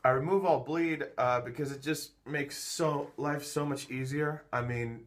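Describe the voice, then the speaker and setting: Guy walking thru his setup, slow and unhurried, lots of ums and restarts, recorded on his phone. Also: mid-range voice, steady tone. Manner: halting, thinking aloud with many fillers and restarts. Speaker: music producer showing his workflow. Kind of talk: casual how-to walkthrough.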